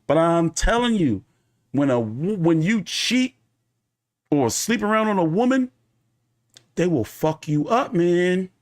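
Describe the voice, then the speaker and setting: A man's voice: high voice, big pitch swings, measured pace, long pauses. A man hosting a boxing commentary show, telling a story in a casual, rambling, profane way.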